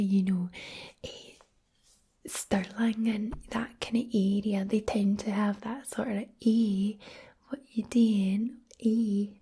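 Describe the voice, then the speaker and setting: Slow, breathy whispering Scottish woman. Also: medium pitch. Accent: Scottish, Fife. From Scotland. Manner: soft unvoiced whispering, chatty and explanatory. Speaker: ASMR creator. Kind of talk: ASMR whisper.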